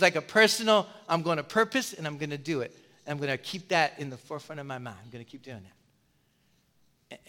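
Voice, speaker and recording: A man's voice: on the high side, bright, forceful tone. A man preaching a sermon to his congregation, emphatic and repetitive, addressing the listeners directly. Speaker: pastor.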